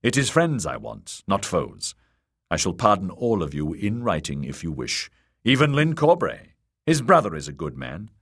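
A man voicing a smooth, scheming male lord protector who speaks in a cold, measured, commanding way. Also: low voice, wildly swooping pitch, a bit bright, full character voice. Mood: conciliatory. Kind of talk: audiobook character voice.

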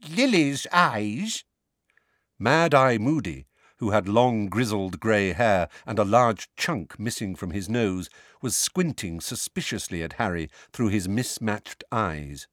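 A man narrates an audiobook in an expressive storytelling manner. His voice is fairly low and moves through a wide, lively range of pitch. The recording is dry and close, with no room echo. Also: a little slow.

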